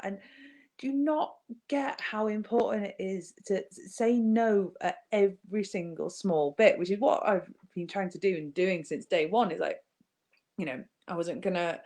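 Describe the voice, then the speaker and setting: A woman's voice: mid-range voice, a little mellow. A woman in a casual conversation, making her points earnestly and with emphasis. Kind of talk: casual chat.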